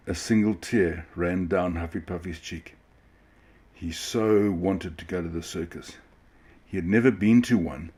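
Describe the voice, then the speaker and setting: A man reading a children's story aloud in a gentle, expressive way. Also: low-pitched, husky. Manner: gentle, expressive, occasional restarts.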